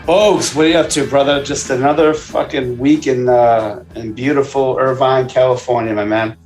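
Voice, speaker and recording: A man who works as a basketball trainer, guesting on a casual podcast and telling stories in a profane, animated way. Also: medium pitch, moderate pace, soft background music. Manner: profane, animated storytelling with asides. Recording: roomy echo.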